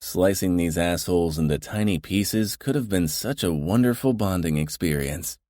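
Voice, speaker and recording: A man's voice: sits low, moderate pace, dark tone, no room sound, close to an everyday voice. A man voicing a young mafia consigliere who speaks with dry, gleeful menace. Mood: menacing. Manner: dry, menacing, mock-regretful.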